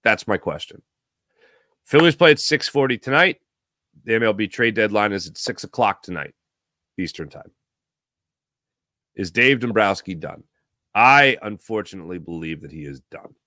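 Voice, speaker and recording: Man, sports talk host, bright tense voice, dry close sound, opinionated rambling monologue. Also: fairly low pitch, normal speed, pauses often, no echo. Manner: opinionated, rambling, animated bursts of excitement. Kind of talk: solo sports radio monologue.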